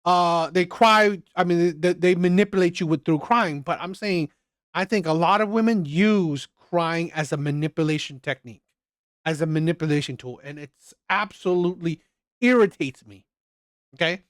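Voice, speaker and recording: A man's voice: on the high side, normal speed, no room sound, studio quality. A man hosting a reaction channel, giving opinionated commentary in a rambling way, often restarting and repeating his phrases.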